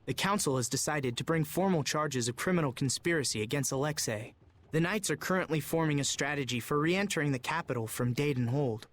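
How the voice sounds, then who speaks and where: An actor voicing an earnest young prince in a video game, speaking in a formal, measured, polite way. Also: male voice, fairly high pitch, a little hiss or hum, close to an everyday voice. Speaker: game character.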